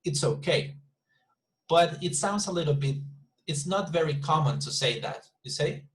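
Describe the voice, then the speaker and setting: A man's voice: a little high, lively intonation, normal speed, a bit bright, poor audio. Patient man teaching English online. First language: Spanish. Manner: patient, repeats and rephrases, checks understanding. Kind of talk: online class instruction.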